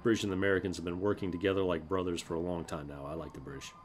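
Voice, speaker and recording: A gaming channel host from South Carolina plays through a let's play, swinging between excited yelling and laughter at the game and calm explanations of history, swearing casually. His voice sits low and moves very fast, with a little hiss or hum.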